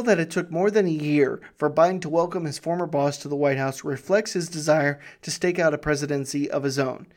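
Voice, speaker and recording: Fired-up man hosting a news podcast. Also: on the high side. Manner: indignant, gets loud and exclaims when riled. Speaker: podcast host. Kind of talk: solo commentary podcast reading news articles.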